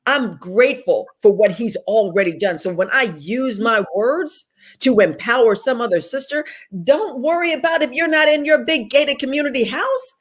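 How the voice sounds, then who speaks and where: A woman with a slightly husky voice gives an inspirational testimony as an interview guest. She talks fervently, like a preacher, and hammers her points home by repeating phrases. She is heard over a video call. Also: on the high side, expressive, normal speed. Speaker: guest author and speaker.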